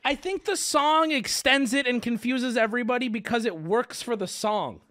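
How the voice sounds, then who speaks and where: A man's voice: very high-pitched, moderate pace, a bit bright. A man streaming live, ranting at his chat in a sarcastic, exasperated and profane way.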